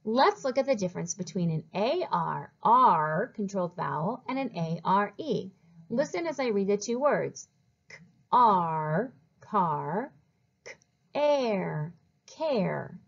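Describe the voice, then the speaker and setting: A woman teaching a phonics lesson to children, slowly modeling each sound and encouraging them to read along. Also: medium pitch, lo-fi sound.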